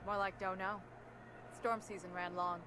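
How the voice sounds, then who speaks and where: Guy doing a tired space hand, quiet, kinda noisy background. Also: high voice, flat delivery, moderate pace, voice pushed up, natural voice. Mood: offhand.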